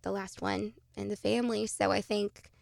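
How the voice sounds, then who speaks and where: A woman's voice: mid-range voice, little pitch movement, normal speed, creaky, no room sound, studio quality. A young adult woman, a podcast guest, talking casually and animatedly with frequent laughter and fillers.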